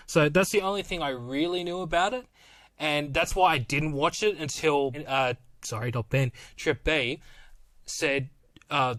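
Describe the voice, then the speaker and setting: A man with a fairly high voice chats on a film-review podcast. He stumbles through false starts and breaks into exclamations as he reacts. The sound is dry and close, with almost no room in it. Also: unhurried, fairly bright tone, no echo. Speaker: podcast co-host. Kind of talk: casual film-review chat.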